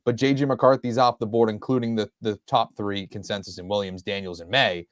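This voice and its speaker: A man's voice: on the low side, steady tone, fairly quick, dry recording, studio quality. A man on a sports podcast panel, talking steadily through long analytical scenarios. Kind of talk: casual sports chat.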